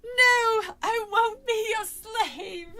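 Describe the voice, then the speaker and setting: A woman's voice: extremely high pitch, very slow, bright, forceful tone, faint music behind, voice pushed up, full character voice. A woman voicing a frightened young girl who pleads near tears in a storybook reading. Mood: pleading.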